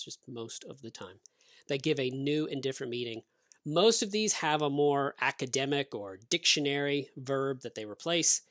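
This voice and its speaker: A man teaching English grammar, explaining rules slowly and clearly with example sentences. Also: a little high, fairly bright tone, dry recording, clean studio sound. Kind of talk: grammar lesson.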